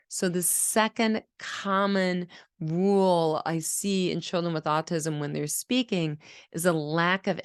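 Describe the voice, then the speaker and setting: A woman's voice: low voice, clean tone, dry recording, clean studio sound. A woman who works as a speech-language pathologist, teaching a lesson in an explanatory way and demonstrating speech sounds. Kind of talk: educational video lesson.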